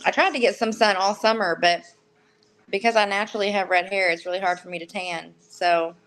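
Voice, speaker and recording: A woman's voice: medium pitch, steady tone, brisk, a bit bright, low-quality recording. A woman co-hosting a casual livestream sports chat, chatty and easygoing.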